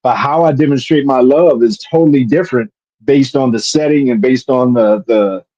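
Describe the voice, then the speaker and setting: A man with a mellow, relaxed voice talks on a podcast about marriage, working his thoughts out aloud with plenty of restarts. His audio is dull and lo-fi. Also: medium pitch, normal speed. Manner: thinks aloud with many restarts and fillers. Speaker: podcast co-host. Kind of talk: casual podcast chat.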